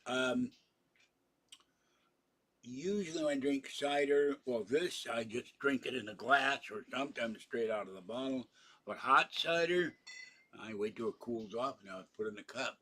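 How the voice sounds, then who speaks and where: A man with a husky, breathy voice chats loosely on a livestream, wandering between topics and stopping often for fillers. He sounds tired, yawning now and then, and keeps an easygoing, unhurried delivery. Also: medium pitch, sharp tone. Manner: rambling and digressive, with many fillers. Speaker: livestream host. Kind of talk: casual livestream chat.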